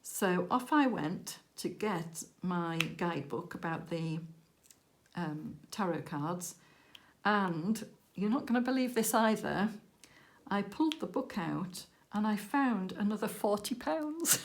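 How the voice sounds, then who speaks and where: Woman, crafting vlog host, casual storyteller with animated quoted dialogue. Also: mid-range voice, measured pace. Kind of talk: casual chat while crafting.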